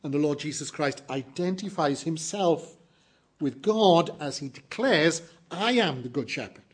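A man delivers a sermon, his voice sitting a little high and carrying a husky edge. He preaches earnestly and emphatically, slowing down to weigh each stressed phrase for his congregation. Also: animated. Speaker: pastor.

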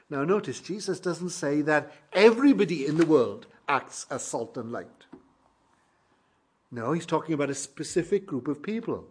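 A man preaches a sermon with a husky, somewhat breathy edge to his voice. His pitch sits a little high for a man. He speaks in a measured, emphatic way, drawing out key phrases. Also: sing-song, darkish tone.

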